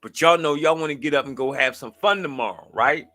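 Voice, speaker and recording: A man's voice: a little high, brisk, bright, forceful tone. A tired man hosting a late-night livestream, rambling loosely in slang and preaching about life. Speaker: livestream host.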